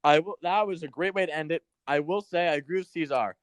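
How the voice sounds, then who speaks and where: A man's voice: on the high side, fast, dry recording. Chatty man with a raised voice. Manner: rambling, swears, acts out quotes in put-on voices. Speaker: podcast co-host. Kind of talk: casual wrestling review chat.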